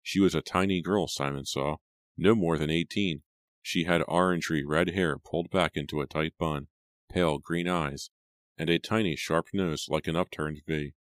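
A man reading an audiobook in a steady, measured storytelling manner. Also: extremely low pitch, no echo. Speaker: audiobook narrator. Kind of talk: scripted narration.

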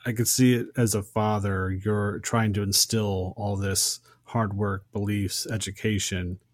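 A man co-hosting a podcast, casually recounting a favorite film scene in a relaxed, conversational way. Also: low voice, no echo. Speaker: podcast co-host.

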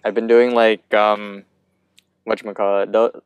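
A young man co-hosting a podcast, chatting in an easygoing, halting way with many restarts. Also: lowish voice, level tone, clean tone, dry recording, dull audio. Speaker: podcast co-host. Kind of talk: casual episode recap chat.

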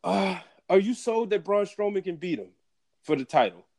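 Lively podcast host who laughs easily. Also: male voice, high voice, normal speed. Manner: listens with short affirmations, laughs easily. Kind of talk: casual chat.

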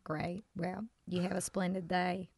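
A woman's voice: fairly low pitch, level tone, measured pace, a little mellow, husky, no echo. A woman voicing a chatty older Southern woman who runs a hair salon, doting and folksy. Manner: folksy, doting small talk.

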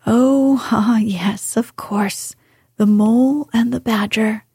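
Storybook toad, headstrong and contrite; woman reader, breathy near-whisper, dry close sound. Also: fairly high pitch, steady tone, slow, no echo, heavily acted. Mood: airy. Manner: soft, breathy whispered reading. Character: boastful, repentant male toad, middle-aged gentleman.

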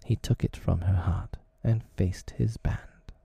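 Man narrator, whispered role-play storybook, slow and husky, dry close sound. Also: deep voice, fairly even intonation, dry recording. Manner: slow, hushed reading.

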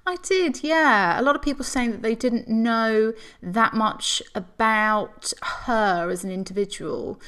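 A woman's voice: on the high side, a little slow, hardly any pauses, fairly bright tone, clear, resonant tone. Wry woman podcast co-host. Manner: wry, mock-indignant. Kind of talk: casual chat.

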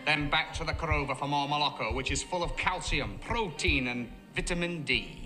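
A man's voice: fairly high pitch, moderate pace, over music, natural voice. A man playing a sly teenage gang leader in a parody milk commercial, with a mock-wholesome manner. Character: male teen gang leader pitching milk.

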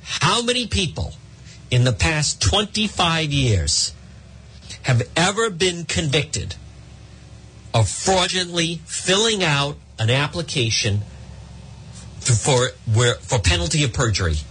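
A man's voice: fairly high pitch, slow pace, pauses often, breathy edge. A middle-aged man hosting a talk radio show, ranting sarcastically and rambling through live ad reads into a studio mic. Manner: animated, sarcastic, rambling, mock-exasperated.

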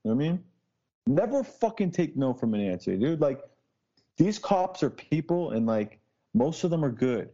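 Brash, swearing man, mellow voice. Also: fairly high pitch, sing-song, moderate pace, muffled recording. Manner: brash, swears a lot, rambling storytelling. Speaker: podcast guest, street DJ. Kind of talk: casual chat. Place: Boston.

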